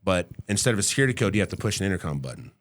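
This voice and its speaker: A man's voice: low voice, big pitch swings, racing. A middle-aged man, a podcast guest, telling a story casually and vividly, acting out the people he quotes and swearing freely. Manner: casual and profane.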